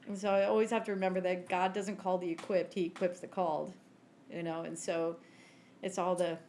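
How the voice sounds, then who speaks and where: A woman's voice: fairly low pitch, level tone, brisk, a little mellow, slight background noise. A woman co-hosting a podcast, animatedly telling a personal faith story and acting out the conversations in it. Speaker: podcast co-host.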